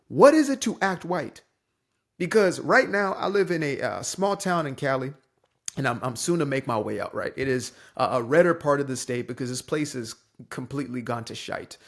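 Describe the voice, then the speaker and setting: A man's voice: mid-range voice, a bit bright. A young man from the Bay Area giving a casual, emphatic, preachy opinion monologue as a commentator. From San Francisco Bay Area.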